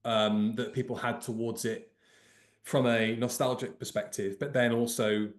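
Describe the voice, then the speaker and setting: A British man co-hosting a casual podcast chat, talking in a measured, reflective way. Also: medium pitch, level tone, reverberant. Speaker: podcast co-host.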